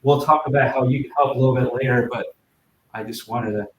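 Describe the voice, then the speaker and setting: A man welcomes a roomful of people at a user group meetup, joking at his own expense in a friendly way. His voice sits at an ordinary pitch and comes from a distance, with the echo of the room around it and a faint hum behind. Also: steady tone, brisk. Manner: friendly, self-deprecating, joking. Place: meeting room with an audience. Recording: echoey room from far off.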